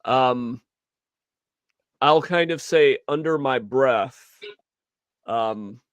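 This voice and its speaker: Dude playing a tabletop game, talks real slow, dry close sound. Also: male voice, mid-range voice, clear, resonant tone, no echo. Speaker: player.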